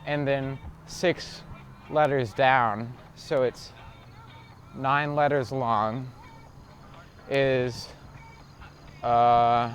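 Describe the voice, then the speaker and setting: A man's voice: mid-range voice, steady tone, very slow, pauses often, slight background noise. A man rambling to himself in a profane, absurd stream of thought while cycling outdoors on city streets. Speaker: vlogger.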